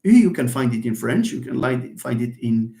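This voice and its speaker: A man's voice: mid-range voice, expressive, normal speed, gravelly, warm tone. A man giving a live linguistics lecture, explaining and answering his own questions. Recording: roomy echo.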